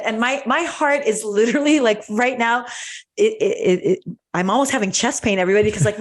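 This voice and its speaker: A woman hosting a podcast in casual chat, earnest and gushing, often restarting her sentences. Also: mid-range voice. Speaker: podcast host.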